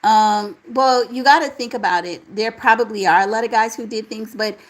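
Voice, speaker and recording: A woman hosting a casual live chat, reading out viewer comments and answering them in a relaxed, talkative way. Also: a little high, normal speed, poor audio. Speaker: livestream host reading chat.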